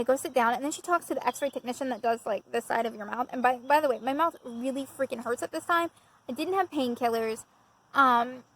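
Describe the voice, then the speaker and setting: Woman vlogger, high voice, chatty self-mocking storyteller, recorded outdoors. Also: a little hiss or hum, rough recording. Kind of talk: casual storytelling.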